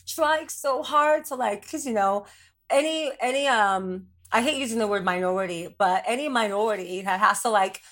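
A woman's voice: medium pitch, normal speed, a bit bright. A woman guest in a casual podcast interview, rambling and self-deprecating with frequent laughter. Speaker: podcast guest, drag performer.

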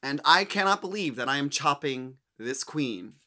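A podcast co-host in casual chat, dramatic and campy when telling a story. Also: female voice, extremely low pitch, lively intonation, moderate pace, pushed and bright.

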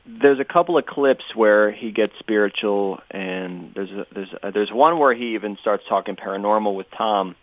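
A man who works on the show as producer, recounting details in a casual, measured podcast conversation. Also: fairly low pitch, no room sound. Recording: tinny phone-like line, dry.

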